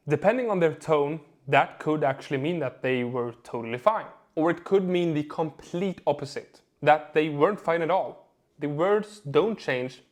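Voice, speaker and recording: A young adult man, a communication coach, giving a measured lesson to camera, stressing key words and pausing for effect. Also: on the high side. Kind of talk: instructional video talk to camera.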